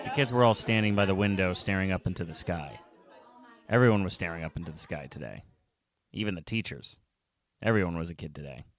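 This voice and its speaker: A man's voice: sits low, a little fast, no room sound, a faint crowd. A man narrating a first-person story in a wry, conversational way, with dry little asides.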